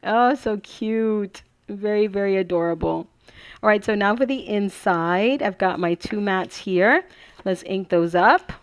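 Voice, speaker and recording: A woman's voice: medium pitch, measured pace, clean tone, no room sound. A woman hosting a casual crafting tutorial, chatty and gushing, thinking aloud as she works.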